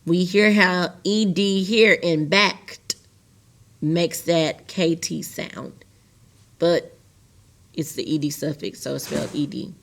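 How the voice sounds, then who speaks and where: A woman teacher talks slowly and carefully to young students in a recorded lesson. Her voice sits a little low, and she sounds out each word one syllable at a time. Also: steady tone, vocal fry. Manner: slow, deliberate, sounding out words syllable by syllable; addresses young students directly.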